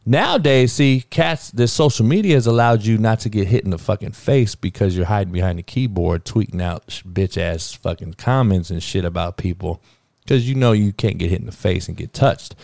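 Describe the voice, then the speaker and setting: A middle-aged man from Compton speaks in a lowish voice, heated and blunt, swearing freely as he rants on his own show. The sound is dry and close, with no room around it. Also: animated, moderate pace, creaky, a little mellow, dry recording. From Compton, California. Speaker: football coach and podcast host. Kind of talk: profane ranting monologue.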